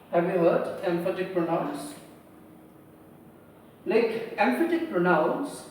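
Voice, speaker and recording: A woman's voice: medium pitch, a little mellow. A woman teacher gives a grammar lesson to a class. She keeps saying "okay", asks questions and answers them herself. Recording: very echoey room, distant mic, faint hum.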